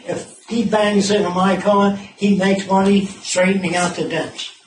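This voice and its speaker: A man's voice: high-pitched, flat delivery, measured pace. A man giving an informal talk to a small group of visitors, blunt and profane, telling stories with asides. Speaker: speaker addressing visitors. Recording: echoey room, mic far off, clear background noise.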